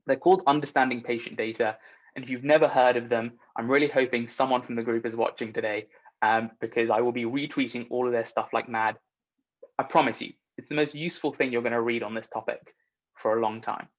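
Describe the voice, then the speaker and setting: A man's voice: medium pitch, dull audio. Earnest man giving a conference talk. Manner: earnest, persuasive, rhetorical asides. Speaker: conference speaker.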